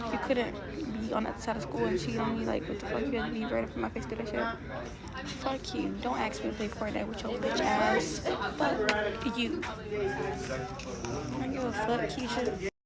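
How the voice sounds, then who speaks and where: A woman's voice: fairly high pitch, creaky, voice pushed up. A woman acting as a dramatic lovesick teen girl. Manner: melodramatic, swings from pleading to cursing.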